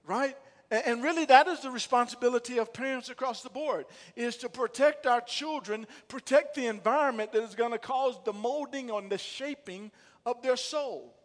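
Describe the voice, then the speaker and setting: Preaching at a moderate pace, this pastor has a bright, high-pitched voice that rings out through the sanctuary's long reverb. He throws questions to the congregation and swells into loud, emphatic declarations.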